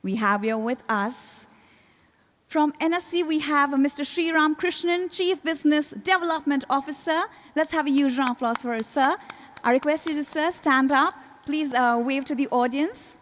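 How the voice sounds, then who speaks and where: Woman emcee, high voice, formal ceremony hosting, polished announcing. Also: normal speed. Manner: polished, announcing names with rising emphasis. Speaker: event emcee.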